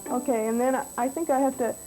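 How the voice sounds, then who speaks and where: A woman giving a music lesson to young children in a classroom, patient and gentle, asking them questions. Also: high-pitched, steady tone, fast talker, noisy background. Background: banjo playing.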